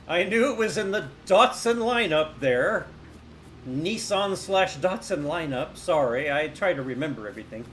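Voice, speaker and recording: A man with a high, fairly bright voice streams a survival game, chatting casually with his viewers. His commentary on the gameplay is wry and profane, and he often mutters.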